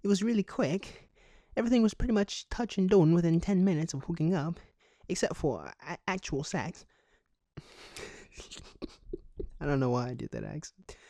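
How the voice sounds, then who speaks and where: A man reading a news article aloud and breaking off into sarcastic, deadpan comic asides. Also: on the high side, normal speed, pauses often, no echo. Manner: sarcastic, deadpan asides between read passages. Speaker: commentary YouTuber.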